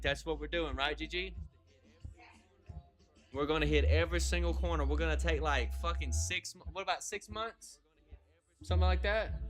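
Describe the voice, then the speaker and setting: A man's voice: a little high, a bit bright. A man hosting a livestream in casual chat, joking, swearing and laughing often. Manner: playful, profane, laughs often. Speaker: livestream host.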